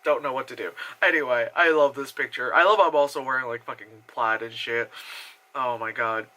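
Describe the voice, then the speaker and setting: A man's voice: mid-range voice, brisk. A young man from New Jersey with an American accent, doing casual, profane voice-over commentary on his own travel footage and laughing often. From New Jersey, USA. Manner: casual, swears freely, laughs often, animated impressions. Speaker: vlogger.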